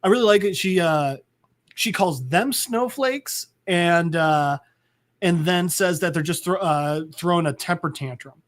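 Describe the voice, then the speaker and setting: A podcast host talks a listener through a comic book scene. His voice sits a bit high for a man. He rambles, stumbles and fills his speech with "like". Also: measured pace. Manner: rambling, full of "like" and restarts. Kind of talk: casual comic book recap.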